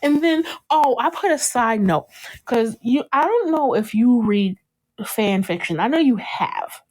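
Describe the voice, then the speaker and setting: A young adult woman hosting a casual podcast with her sister. She tells stories in an animated way, acts out bits of dialogue, and laughs often. Her voice sits somewhat high. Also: unhurried. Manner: animated storytelling, breaks into laughter, acts out scenes. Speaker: podcast host. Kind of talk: casual chat.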